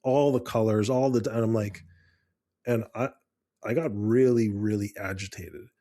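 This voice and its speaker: A man's voice: lowish voice, fairly even intonation, measured pace, dark tone. A man co-hosting a casual parenting advice chat, talking earnestly with frequent restarts and fillers. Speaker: podcast co-host.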